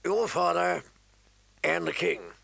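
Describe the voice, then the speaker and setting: Old commander, gruff and growly, gravelly and bright, man reading it. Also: a little high, expressive, takes it slowly, no echo, voice pushed up, full character voice.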